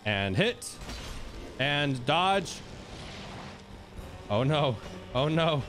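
Hyped guy streamer talking to chat over gameplay, highish voice, super bouncy. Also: extremely slow, long pauses, soft background music. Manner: excitable, swings between hushed and shouting. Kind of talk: live gameplay commentary to chat.

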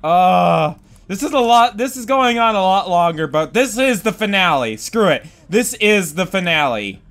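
A man commentating on a video game he is playing, excitable and bewildered, dropping to mutters and then bursting into shouts and swearing. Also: high voice, normal speed. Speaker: let's play host. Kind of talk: gaming commentary.

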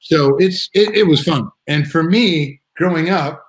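A man's voice: fairly high pitch, measured pace, slight background noise, rough recording. A middle-aged man telling a story in a casual live video chat, rambling with restarts and acting out quotes. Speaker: drummer guest. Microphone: video call.

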